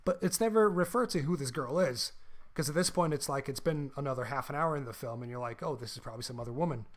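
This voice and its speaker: A man's voice: mid-range voice, fast. A man co-hosting a podcast, talking casually and animatedly about a film, swearing freely and acting out quotes. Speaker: podcast co-host.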